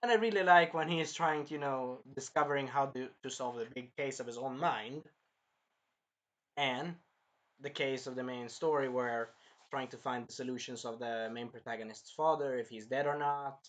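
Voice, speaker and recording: A man in his early twenties giving a rambling, casual movie review, jumping between topics with sudden loud outbursts. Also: mid-range voice, moderate pace. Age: early 20s. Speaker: film reviewer.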